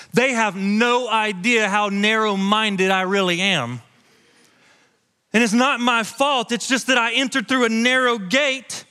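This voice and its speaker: A man preaching a sermon from a church stage with passion, moving between loud declarations and hushed, intimate storytelling. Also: high-pitched, measured pace, smooth, long reverb tail. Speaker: pastor.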